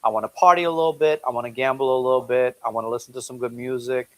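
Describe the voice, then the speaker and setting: An easygoing man with a mid-range voice talks in a relaxed live chat from a couch at home. He jokes in a dry way. The sound is close and dry. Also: medium pitch, racing, no room sound, rough recording. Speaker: co-host. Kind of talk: casual live-stream chat.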